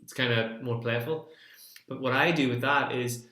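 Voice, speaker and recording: A man's voice: medium pitch, steady tone, normal speed, fairly bright tone, reverberant. A man giving a folk singing lesson, chatting through the choices he makes and singing the phrases to show them. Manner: chatty explanations between sung demonstrations. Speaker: singing teacher.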